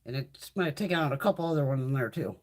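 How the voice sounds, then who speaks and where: A woman's voice: extremely low pitch, lively intonation, fast talker, a little mellow. A middle-aged woman hosting a casual live stream, chatting freely with viewers, swearing a lot and reading out their comments. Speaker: beauty channel host.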